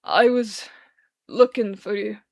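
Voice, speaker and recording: A woman's voice: mid-range voice, steady tone, slow pace, vocal fry, darkish tone, no room sound, studio quality. A woman voicing a drunken, grieving man who slurs, stammers and weeps through his words. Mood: insistent. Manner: slurred, tearful, stammering.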